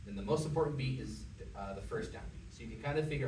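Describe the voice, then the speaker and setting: A man's voice: mid-range voice, fast, darkish tone. A man giving a one-on-one singing lesson, patient and encouraging, talking with many fillers. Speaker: voice teacher. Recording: echoey room, mic far off, background noise.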